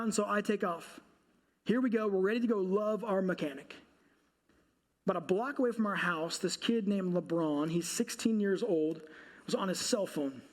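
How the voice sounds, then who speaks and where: A married man, a pastor, preaching a sermon through a funny personal story, animated and quizzing his listeners along the way. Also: sits high. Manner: comic, animated storytelling with audience questions.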